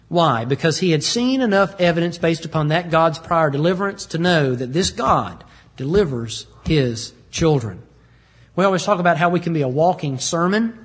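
A preacher delivers a sermon with a high, husky voice. He is emphatic, drives points home through repetition, and explains scripture in plain words. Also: lively intonation, moderate pace.

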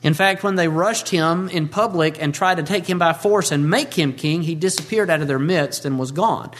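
A man, a pastor, preaching a sermon earnestly and drawing out key words slowly. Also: a little high, fairly bright tone.

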